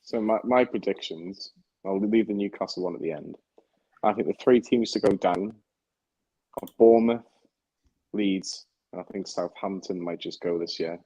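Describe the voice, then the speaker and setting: A man's voice: deep voice, moderate pace, pauses often, dark tone, no echo, muffled recording. A man co-hosting a live football fan watchalong, confidently rattling off his predictions for the season. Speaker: fan channel co-host. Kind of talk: live match watchalong chat.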